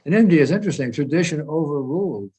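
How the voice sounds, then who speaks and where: An older man, a guest, recalling past events in a measured, anecdotal way over a video call. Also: on the high side, expressive, dark tone, husky, rough recording. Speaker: guest speaker. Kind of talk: reminiscing conversation.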